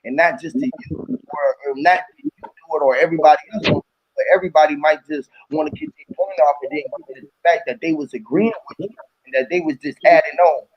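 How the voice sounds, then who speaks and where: A man hosting a casual chat, rambling and animated, swearing freely in slangy talk. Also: on the high side, fairly quick, husky. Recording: dull lo-fi audio.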